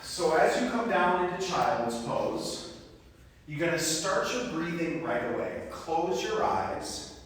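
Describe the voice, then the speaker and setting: Male yoga instructor, higher voice, recorded from a distance in a reverberant studio with faint background noise. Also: sing-song, measured pace, a bit bright. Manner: cueing poses in rhythm with the breath. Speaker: yoga teacher. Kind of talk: live yoga class instruction. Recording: echoey studio with long reverb, mic far off.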